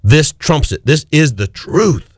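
A man's voice: fairly high pitch, expressive, slow pace, darkish tone, slightly rough, dry recording, clean studio sound. A man preaching an impassioned sermon, quoting scripture and acting out the voices of doubters.

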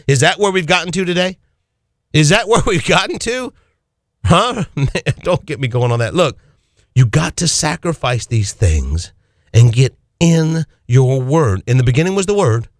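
A man's voice: medium pitch, lively intonation, fairly quick, dry recording, studio quality. A man hosting a radio show, preaching fervently with exclamations and rhetorical questions.

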